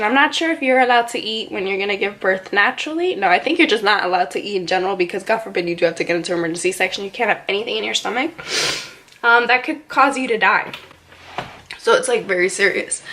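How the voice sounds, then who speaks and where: A young woman vlogger casually telling a story, animated and chatty, full of "like" fillers. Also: mid-range voice.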